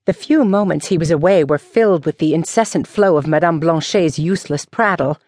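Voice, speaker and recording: A woman's voice: lowish voice, no room sound. Woman narrating a mystery audiobook. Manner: measured, even storytelling. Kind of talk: scripted narration of a mystery novel. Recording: dry studio audiobook.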